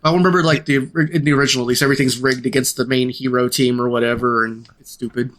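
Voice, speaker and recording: A man's voice: medium pitch, fairly even intonation, fast, a bit bright, a little hiss or hum. A man chatting casually over drinks on a podcast, opinionated and wordy. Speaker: podcast co-host or guest.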